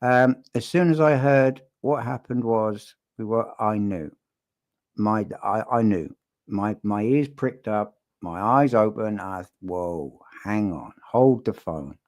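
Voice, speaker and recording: A man's voice: fairly low pitch, takes it slowly, a little mellow. A man giving casual, blunt and sardonic commentary that breaks down a recorded interview, often restarting his sentences. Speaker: statement analysis commentator.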